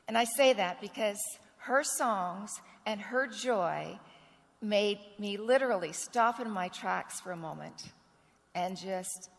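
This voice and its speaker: A woman pastor delivers a sermon in a church sanctuary, her voice carrying a long, echoing reverb. She preaches with earnest storytelling at a medium pitch and stops now and then to clear a rough throat. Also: takes it slowly. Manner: earnest storytelling, acts out quoted dialogue.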